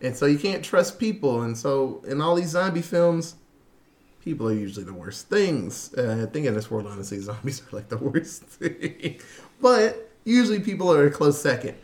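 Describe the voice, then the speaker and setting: A man's voice: a little high, normal speed. A man co-hosting a podcast, casually recapping a zombie movie with laughs, swearing and acted-out quotes. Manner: animated retelling with quoted voices, laughing, swearing. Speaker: podcast co-host.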